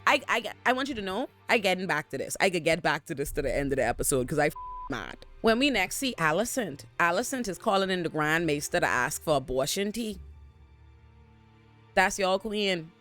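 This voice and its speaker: A man hosting a casual TV episode recap from a hotel room, ranting in an animated, exasperated and profane way. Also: sits high, a little fast, faint music behind. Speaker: TV recap host.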